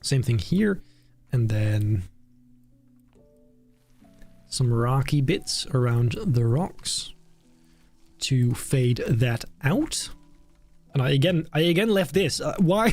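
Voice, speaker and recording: A man's voice: medium pitch, lively intonation, slow, pauses often, darkish tone. A young British man chatting casually on a live stream as he builds, thinking aloud and poking fun at himself. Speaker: streamer building a theme park. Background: faint background music.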